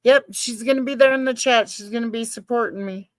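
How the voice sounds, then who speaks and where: A woman's voice: on the high side, brisk, no echo. A woman chatting casually on a live stream, rambling and swearing, reacting to her chat and calling herself a nervous person.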